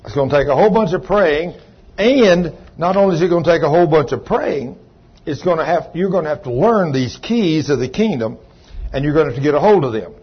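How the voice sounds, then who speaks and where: A husky-voiced preacher, a man pitched a little high, talking to his congregation in a folksy, chatty way. The recording is muffled and lo-fi. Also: animated, fairly quick. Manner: folksy, calls on congregation members by name. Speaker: pastor. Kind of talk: sermon. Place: church.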